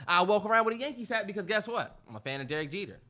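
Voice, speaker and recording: Animated high-voiced man telling a story. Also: rapid-fire. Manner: animated storyteller acting out quotes. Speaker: podcast co-host. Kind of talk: casual chat.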